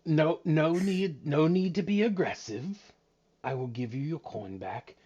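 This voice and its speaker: A man voicing a middle-aged innkeeper in a tabletop game, formal and measured. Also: a little high, expressive, dark tone, slightly rough, highs cut off. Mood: calm.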